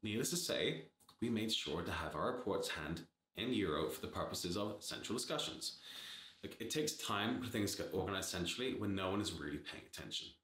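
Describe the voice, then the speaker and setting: A man's voice: sits low, lively intonation, a little fast, a bit bright, roomy sound. A man giving blunt, sarcastic startup advice in a casual talk to camera, swearing freely. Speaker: startup advisor.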